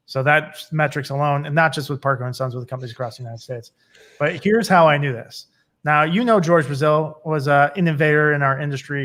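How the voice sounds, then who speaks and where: A man's voice: fairly high pitch, fairly bright tone. A man being interviewed as a business consultant. He talks emphatically in a casual style, tells stories that build to a point, and keeps checking in with "right?". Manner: storytelling, builds up to punchlines.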